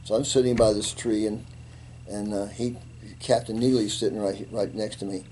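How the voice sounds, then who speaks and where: A man in his seventies, a retired Army colonel, telling animated stories in an interview and acting out the quotes. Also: on the low side, normal speed, noisy background. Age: 70s. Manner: animated anecdote teller, acts out quotes, laughs. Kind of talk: storytelling in an interview.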